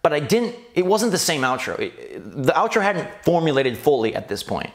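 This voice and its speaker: A man hosting his gaming channel, reminiscing in casual commentary and jumping up high when amused. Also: brisk. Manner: animated, rising to high squeals when amused. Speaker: gaming YouTuber host.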